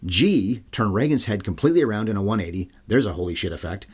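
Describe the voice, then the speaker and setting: A man's voice: fairly low pitch, fairly quick, darkish tone, husky. A man hosting a solo film review podcast, talking in a casual, irreverent way with wry, sarcastic asides. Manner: profane, irreverent. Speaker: podcast host.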